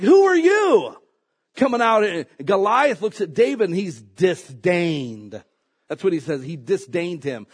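A man preaching a sermon in an animated, emphatic way, swinging from loud high peaks to low asides. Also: breathy edge.

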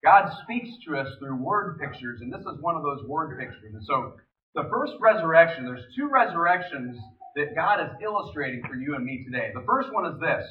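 A male pastor with a fairly high voice that swings widely in pitch as he preaches. He sounds far from the mic in an echoey space. The sound is thin and phone-like. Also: normal speed. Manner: animated preaching, reads scripture aloud. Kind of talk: sermon.

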